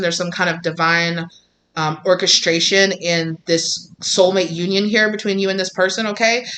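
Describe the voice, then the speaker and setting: Over slight background noise, a tarot reader with a medium-pitched, bright, forceful voice channels a reading for viewers. She rambles loosely, says "like" a lot, and acts out the voices of the people in the cards.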